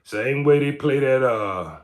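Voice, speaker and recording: A man's voice: mid-range voice, lively intonation, takes it slowly. Man ranting on a livestream. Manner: emphatic and repetitive, tags lines with "man". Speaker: livestream host. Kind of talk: live-stream commentary rant.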